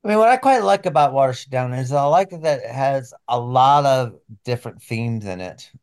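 A man hosting a book podcast, reading a plot synopsis and then discussing the book in loose, halting speech. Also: mid-range voice, animated, smooth. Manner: hesitant, restarts often when talking freely. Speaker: podcast host.

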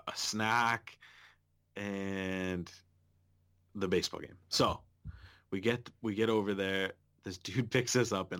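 Low-voiced man telling a swear-filled story. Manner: swears often, lively anecdotal retelling. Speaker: podcast co-host. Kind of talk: casual storytelling.

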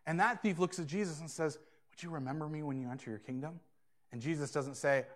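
Earnest preaching man, swinging loud and soft. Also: on the high side, fast talker. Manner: earnest, emphatic preaching with wide swings in loudness. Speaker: pastor. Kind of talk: sermon.

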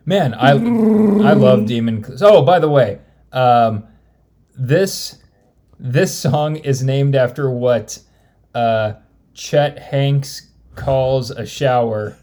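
A man speaks at an unhurried pace, asking teasing questions and joking with his co-host. He is hosting a casual music podcast. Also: medium pitch, lively intonation, warm tone.

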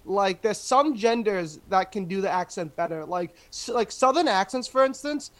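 A man's voice: sits high, expressive, moderate pace. Rambling man with a middling voice. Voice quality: voice others call annoying. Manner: rambling, hesitant, lots of fillers. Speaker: podcast co-host. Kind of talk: casual chat.

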